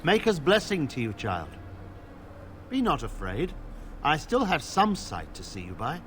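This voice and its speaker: An actor playing a blind, battle-scarred older knight in a video game, speaking in formal, archaic phrases. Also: male voice, on the high side, huge pitch swings, unhurried, fairly bright tone, slight background noise, exaggerated voice. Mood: solemn. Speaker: game character.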